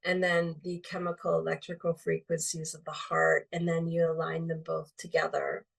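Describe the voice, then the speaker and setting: A woman with a low, gravelly voice talks her way through ideas in an easy, meandering flow, full of ums and likes. She sits back a little from the mic, so she sounds somewhat distant. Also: flat delivery, normal speed. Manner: meandering, filler-heavy, lots of um and like. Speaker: guest, intuitive healing medium. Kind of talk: relaxed conversational interview.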